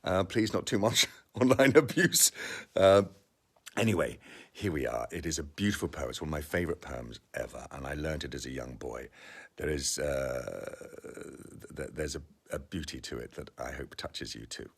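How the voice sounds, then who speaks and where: A man chatting briefly and then reading a poem slowly and softly, recorded in a makeshift sound booth at home. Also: extremely low pitch, animated, gravelly, breathy edge. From partly Welsh. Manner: chatty and self-deprecating, then slow and hushed for the poem.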